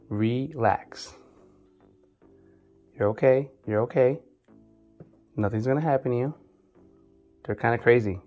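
A man casually chatting on a vlog as he shows his snakes, talking softly and coaxing them. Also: fairly low pitch. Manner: laid-back, talks softly to his snakes. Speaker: snake keeper showing his collection. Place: indoor snake room.

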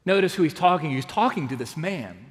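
A man from Texas preaching a sermon as pastor, earnest and full of rhetorical questions, rising to loud emphatic peaks and dropping to hushed asides. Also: fairly high pitch, lively intonation, quick pace. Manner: asks the congregation rhetorical questions. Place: large church sanctuary. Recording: long reverb of a big sanctuary.

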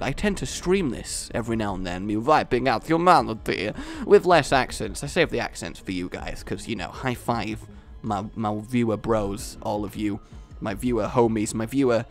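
A man's voice: lowish voice, lively intonation, moderate pace, soft background music. A man giving casual, joking gameplay commentary as a channel host, with self-deprecating asides.

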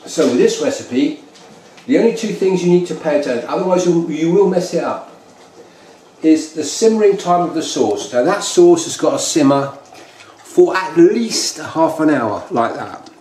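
A man's voice: a little high, lively intonation, moderate pace, mellow. A British man hosting a casual home cooking demonstration, rambling and repeating himself as he explains a recipe. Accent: British English. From United Kingdom. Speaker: home cook host. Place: home kitchen. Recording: echoey kitchen with faint noise.

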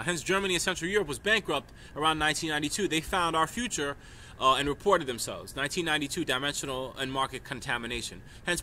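Casting: man from New York, bright tense voice, rambling emphatic monologue, faint traffic behind. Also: fairly high pitch. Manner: stream-of-consciousness, emphatic, repeats "right?". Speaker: vlogger.

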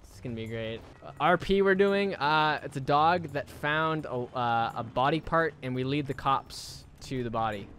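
A man's voice: medium pitch, normal speed, hardly any pauses, fairly bright tone, a little hiss or hum. A man giving casual, amused commentary while streaming a role-play game, often laughing.

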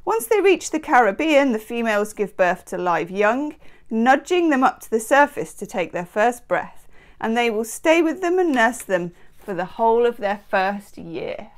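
A woman hosts a casual daily tarot reading, chatting playfully and making wry little asides about herself. Her voice sits a bit high and swoops around a lot, lively and sing-song as she reads and muses. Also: moderate pace. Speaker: tarot reader and channel host. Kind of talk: reading aloud from an almanac.

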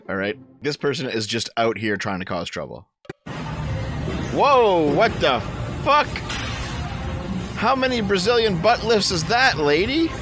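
A young man hosting a show, reacting to clips with loud, crude exclamations and swearing. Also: fairly low pitch. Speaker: commentary host.

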